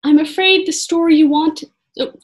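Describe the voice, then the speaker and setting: A woman voicing a cautious, nervous young boy who shouts in a raised voice. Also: steady tone, moderate pace, close to an everyday voice. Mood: anxious. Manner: high, shouting.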